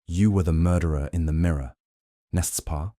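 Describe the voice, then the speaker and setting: A man voicing a shrewd, theatrical male detective, delivering measured, dramatic accusations sprinkled with French phrases in an audiobook reading. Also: sits low, mellow, dry recording, clean studio sound, lightly acted. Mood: triumphant.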